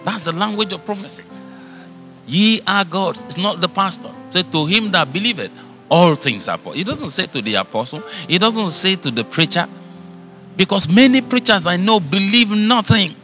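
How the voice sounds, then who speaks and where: Fervent pastor, slightly high voice. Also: male voice, animated, normal speed, soft background music. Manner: fervent preaching, loudness swelling and falling. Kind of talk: sermon.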